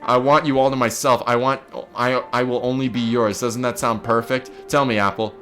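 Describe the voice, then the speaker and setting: A man's voice: medium pitch, little pitch movement, brisk, a bit bright, faint music behind, natural voice. A man reading aloud the lines of an obsessive, lovestruck young woman from a video game, in a mostly plain voice.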